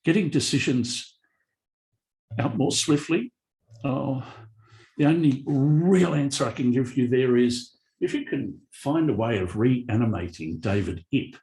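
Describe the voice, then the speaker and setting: A middle-aged Australian man speaking bluntly as a guest on a live panel, telling animated stories. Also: mid-range voice, a little slow. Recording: echoey event room.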